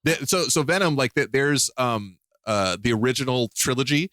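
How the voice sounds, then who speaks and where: Podcast co-host, male, mid voice, eager and halting, recorded dry and close. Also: medium pitch, dry recording. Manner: excitable, stammering restarts. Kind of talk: casual chat.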